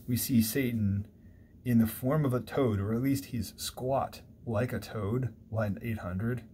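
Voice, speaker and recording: A man's voice: mid-range voice, a little slow, mellow, slight background noise. Man giving a rambling literature lecture. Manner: conversational, digressive, thinking aloud with fillers. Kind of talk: recorded university lecture. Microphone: single mic, recorded lecture.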